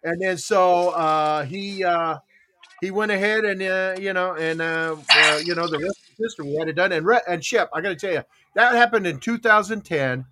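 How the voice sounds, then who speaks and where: A man's voice: high-pitched, moderate pace, sharp tone, slight background noise. An older man hosting a morning show, telling a long personal story and acting out what other people said. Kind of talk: casual chat. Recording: internet radio show.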